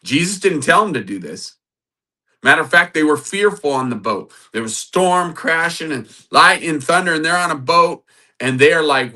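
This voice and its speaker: A man's voice: mid-range voice, animated, normal speed, sharp tone. A man teaching from the Bible in a sermon style, reading scripture aloud and building to emphatic, repeated phrases. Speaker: preacher.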